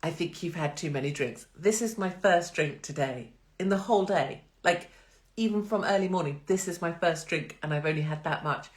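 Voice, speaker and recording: Woman, middle-aged, low voice; chatty live-stream host, sarcastic, frequent laughter. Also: moderate pace. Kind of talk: casual live-stream chat.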